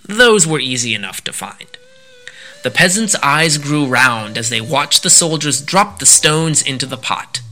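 A man reading a folk tale aloud to children in an animated, sing-song storytelling manner. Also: a little high, a little slow.

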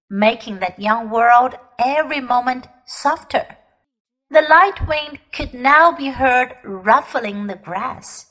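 Teacher lady reading a story aloud, high voice, slow and careful. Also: fairly bright tone, rough recording. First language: Chinese. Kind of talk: storybook read-aloud narration.

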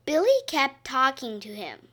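A woman reading a children's story aloud, slowly and expressively. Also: high-pitched. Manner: slow, expressive read-aloud.

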